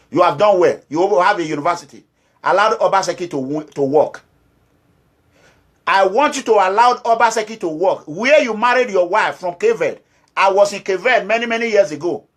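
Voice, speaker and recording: A Nigerian-accented man speaks in an unusually high, piercing voice. He is an activist leader giving a fiery political address, alternately scolding and pleading, and he hammers his points by repeating short phrases. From Nigeria, Edo State.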